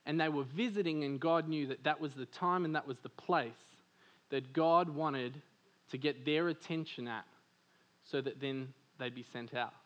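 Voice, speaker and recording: Lively man preaching, a bit high-voiced. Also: moderate pace, highs cut off. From Australia. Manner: animated, laughs often, many fillers like "like". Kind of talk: sermon with personal stories. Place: church service.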